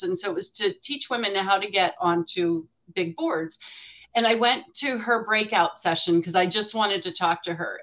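A woman guest entrepreneur telling a story in a chatty way, quick to laugh. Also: medium pitch, pushed and bright, dull audio. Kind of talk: casual storytelling on a video call.

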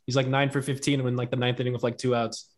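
A man talks fast on a sports podcast over a video call, his pitch sitting in the middle range. He chimes in eagerly with quick baseball updates. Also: flat delivery. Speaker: podcast co-host. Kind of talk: casual sports chat.

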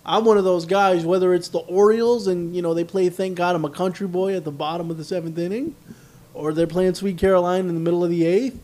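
Podcast co-host, male, high-pitched, animated storyteller who acts out quotes. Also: fast. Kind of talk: casual chat.

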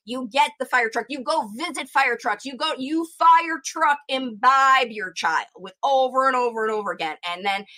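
A middle-aged woman giving parents speech tips, explaining and acting out slow, clear modeling lines with animated emphasis. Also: high-pitched. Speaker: speech-language educator. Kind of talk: parent coaching talk.

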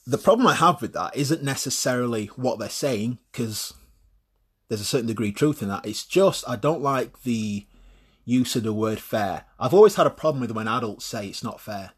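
A man talks through his opinions alone in a husky, slightly breathy voice. He is blunt and swears freely. He often restarts and repeats words while he works through a point. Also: medium pitch, lively intonation, normal speed. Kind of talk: opinionated solo monologue.

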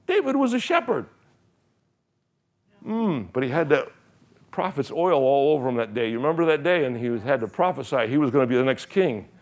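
Man, pastor, sermon, middle-aged, animated storytelling, wide-ranging pitch, slightly high voice. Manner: animated storytelling, acting out biblical characters' lines, laughing often.

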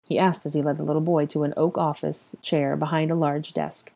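A woman narrating a story in a low, darkly mellow voice. Her reading is steady and even, with the calm pace of an audiobook. It suits long storybook passages. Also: fairly quick, vocal fry, few pauses. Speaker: reader. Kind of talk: audiobook reading of fan fiction.

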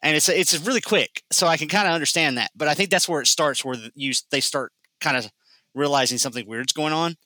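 Bright-voiced man explaining a plot point. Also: a little high, fairly quick, no echo, poor audio. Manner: explanatory, emphatic, easygoing. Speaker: podcast co-host. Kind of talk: casual movie review chat.

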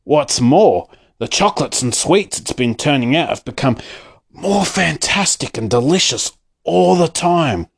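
A man voicing a gentle old grandfather in a storybook reading, telling a tale softly. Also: fairly high pitch, lively intonation, a little slow, gravelly, breathy edge, exaggerated voice. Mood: storytelling. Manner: soft and hushed.

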